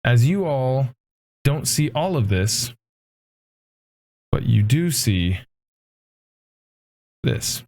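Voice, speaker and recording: A man runs a tabletop game as its game master. His voice is mellow and relaxed, and he sits at a middling pitch. He talks in a loose, casual way and swears freely. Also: extremely slow, pauses often. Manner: casual and profane.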